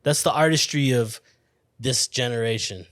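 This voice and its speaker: A man's voice: mid-range voice, normal speed, fairly bright tone, dry recording, clean studio sound. A man hosting his own podcast, rambling casually and swearing freely while a little tipsy from wine. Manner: rambling, profane, laid-back. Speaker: podcast host. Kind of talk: casual solo podcast rant.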